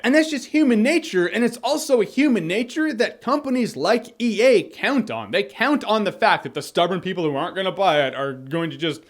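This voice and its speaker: Animated young man ranting, high voice. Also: brisk, hardly any pauses. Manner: animated, swears freely, acts out quoted people. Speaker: video creator. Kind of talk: casual opinion rant to camera.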